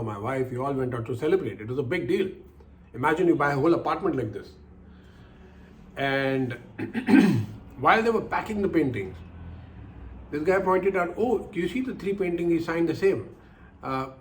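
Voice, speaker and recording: An older man telling personal stories as life lessons, acting out the voices he quotes and repeating phrases for emphasis. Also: medium pitch. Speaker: speaker giving life lessons. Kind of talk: personal storytelling talk.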